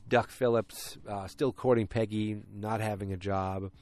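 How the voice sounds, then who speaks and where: A man's voice: on the low side, fairly even intonation, unhurried, darkish tone. A man hosting a podcast, casually recapping a TV episode in a rambling way, correcting himself often. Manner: rambling, self-correcting, many fillers. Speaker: podcast host.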